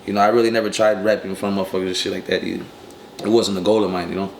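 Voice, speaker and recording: A young man in his twenties tells his story in fast, profane street talk, with loose fillers throughout. He sits in a room with a strong echo. Faint ambient noise hangs under his voice. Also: sits low, flat delivery, vocal fry. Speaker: rapper, interview guest. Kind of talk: casual interview storytelling.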